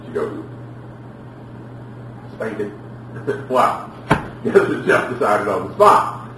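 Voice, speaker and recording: A man's voice: on the low side, slow pace. A man preaching a sermon, telling stories and acting out the voices of the people in them. His voice reaches the mic from a distance, ringing around a reverberant room. A faint hum of room ambience sits behind him. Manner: animated storytelling, acts out quotes. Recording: echoey room, from far off.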